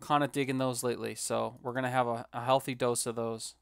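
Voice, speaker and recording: A man's voice: medium pitch, little pitch movement, a little fast, gravelly, smooth, no echo, studio quality. A man casually commenting while building on a live stream, joking and rambling with self-mocking asides.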